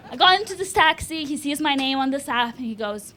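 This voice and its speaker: Young woman comic from Lithuania, high voice, deadpan self-mockery, chuckling through her live club set. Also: normal speed, slight background noise. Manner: deadpan self-mocking delivery, laughing at her own jokes. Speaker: stand-up comedian. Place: comedy club stage.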